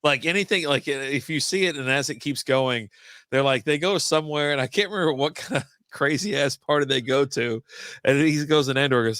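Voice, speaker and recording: Male podcast co-host, relaxed and profane, mid-pitched voice. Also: brisk, no echo, studio quality. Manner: laid-back, swears casually. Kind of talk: casual chat.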